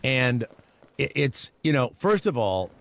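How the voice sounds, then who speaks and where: A man's voice: mid-range voice, sing-song, unhurried, gravelly, fairly bright tone, a little hiss or hum. A middle-aged man hosting a morning radio show, rambling and sarcastic, with lots of restarts and asides.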